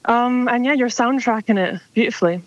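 A woman phones in to a radio program, her voice on the high side and a little fast. She chats casually and rambles with plenty of fillers, coming through a dull, dry phone line with no echo.

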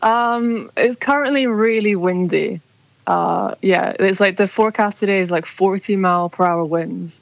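A woman's voice: mid-range voice, a little slow, vocal fry. A young woman calling in to a radio show, chatting casually and rambling with lots of "like". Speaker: caller. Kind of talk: casual phone chat. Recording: dull dry phone line.

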